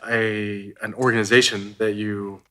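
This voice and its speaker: A man's voice: fairly low pitch, little pitch movement, measured pace, bright, forceful tone. A young man hosting a podcast interview, encouraging his guest with short affirmations. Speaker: podcast host. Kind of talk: casual interview.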